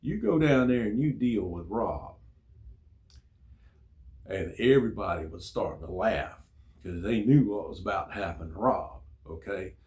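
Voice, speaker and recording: A man's voice: lowish voice, a little slow. An older man casually telling an anecdote from his navy days, acting out the dialogue as he goes. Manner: relaxed anecdotal delivery with quoted dialogue. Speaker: podcast guest telling a sea story. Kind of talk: casual storytelling.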